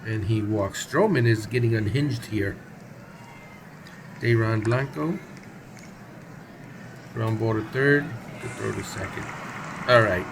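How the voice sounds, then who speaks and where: A man's voice: fairly low pitch, takes it slowly, vocal fry, long pauses, noisy background. A man calling play-by-play for a simulated baseball game on his own, casual and chatty, with asides and self-corrections. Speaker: play-by-play commentator.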